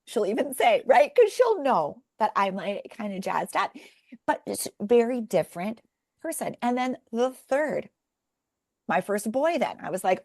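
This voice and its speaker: A middle-aged woman speaks into a podcast mic, the sound close and dry with no room around it. She tells lively stories from her own home, her mid-pitched voice catching into a gravelly fry at the ends of phrases. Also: measured pace, dry recording. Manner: animated storyteller, talks through examples. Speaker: podcast guest, parenting author. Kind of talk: conversational interview.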